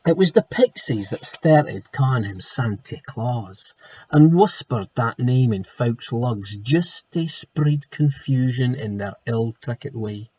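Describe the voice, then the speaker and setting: A Scottish man, a primary school teacher, talking in a homely, chatty way before reading a storybook aloud to children. His voice is husky, at a middling pitch, and the recording sounds dull and muffled. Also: animated, slow pace, dark tone. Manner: homely, chatty, rolls into broad Scots words. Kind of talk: casual chat then reading a storybook aloud.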